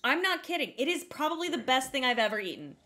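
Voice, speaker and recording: A young adult woman co-hosting a podcast, telling a story in animated, sweary casual chat, full of "like" and acted-out quotes. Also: high voice, fast talker. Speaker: podcast co-host.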